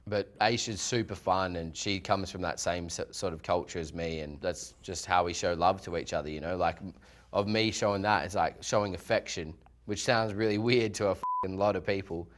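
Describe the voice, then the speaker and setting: A man's voice: low voice, moderate pace, hardly any pauses, a little hiss or hum. A young Australian man in casual after-show chat, laid-back, laughing often and swearing freely. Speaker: yacht crew member on a reality-show after show.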